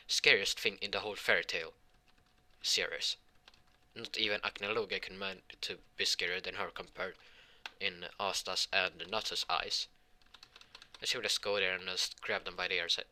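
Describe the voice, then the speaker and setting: Man, improvised storyteller; halting, rambling delivery, very bright, tense tone. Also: sits low. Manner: voices the characters' lines in his own voice. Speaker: fan fiction storyteller. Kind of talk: improvised fan fiction storytelling.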